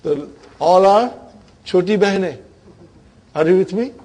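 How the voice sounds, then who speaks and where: A man's voice: high-pitched, takes it slowly, mellow, slightly rough. A man teaching an Arabic grammar class, who keeps checking in with his students and leads them in repeating phrases back to him. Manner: drills the class in call-and-response.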